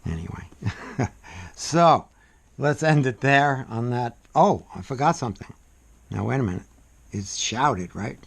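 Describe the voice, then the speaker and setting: A soft-spoken man demonstrating calligraphy in a casual, rambling way, often trailing off into murmurs as he writes. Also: mid-range voice, animated, a little slow, creaky, pauses often, slightly rough. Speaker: calligraphy instructor. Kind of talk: casual demonstration while writing.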